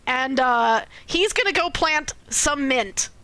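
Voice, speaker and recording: A woman streamer casually recapping a game's story, animated, often laughing and swearing. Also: high-pitched, slow. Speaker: game streamer. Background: faint game music.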